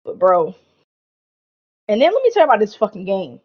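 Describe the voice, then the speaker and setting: A young woman co-hosting a podcast, telling a party story in a casual, animated way, full of slang and swearing. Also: mid-range voice, fairly quick, husky, lo-fi sound. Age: young adult. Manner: animated, slangy, heavy swearing, lots of "like" and "bro". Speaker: podcast co-host.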